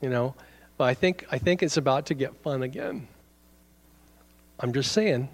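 A man preaching a sermon to his congregation, animated and conversational, with quick asides and chuckles between points. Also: mid-range voice, gravelly. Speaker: pastor.

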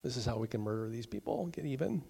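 A middle-aged man preaching a sermon at a middle pitch. He talks in an easy, conversational way, drops in joking asides, and briefly acts out the voices he quotes. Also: expressive, fast talker, vocal fry, warm tone, slightly rough. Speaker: pastor.

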